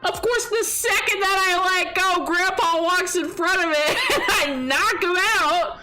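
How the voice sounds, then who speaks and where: A young woman streaming from home, chatting casually with her chat and telling animated stories with swearing and laughter, close to a desk mic. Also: extremely high pitch, unhurried, over loud music, rough recording.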